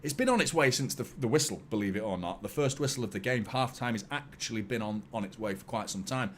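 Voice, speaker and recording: A watchalong host with a mid-range voice reacts to a live football match at a quick pace with few pauses. He's excitable, swearing and joking with his chat.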